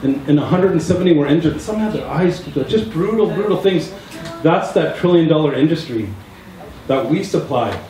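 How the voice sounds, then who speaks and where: A man's voice: fairly high pitch, animated, normal speed, music in the background. A middle-aged man from the Tsleil-Waututh Nation in Canada, a chief telling earnest stories to a gathering, with many repetitions. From Tsleil-Waututh Nation, British Columbia, Canada. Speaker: chief giving a speech. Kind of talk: spoken address to a gathering. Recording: echoey hall, distant mic, audience heard.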